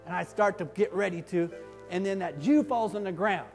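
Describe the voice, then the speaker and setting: A pastor playing a rough, streetwise ex-criminal in a sermon monologue, with coarse, colloquial talk that swings from loud outbursts to hushed tones. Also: male voice, sits high, normal speed. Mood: awed. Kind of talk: first-person dramatic monologue in a sermon. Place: church. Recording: reverberant church sanctuary with faint music.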